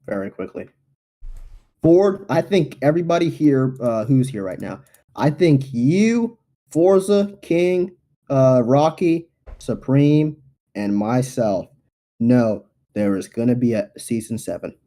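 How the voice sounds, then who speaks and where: Teen boy host, rambling and joking, mellow mid voice. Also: mid-range voice, animated, slow pace. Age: teens. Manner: laid-back, joking, rambling. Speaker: racing league podcast host. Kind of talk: casual chat.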